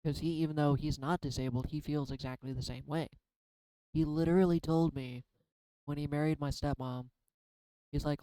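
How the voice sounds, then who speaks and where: Soft-toned, even-voiced man reading cards. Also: on the high side, moderate pace, no room sound, rough recording. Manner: rambling, confessional, self-deprecating; tearful at times. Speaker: tarot card reader. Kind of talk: casual spiritual card reading vlog.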